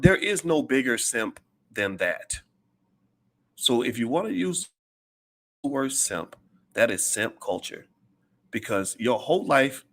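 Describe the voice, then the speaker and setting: A middle-aged man giving an impassioned, preachy monologue as a commentator, hammering his points with repetition. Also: mid-range voice.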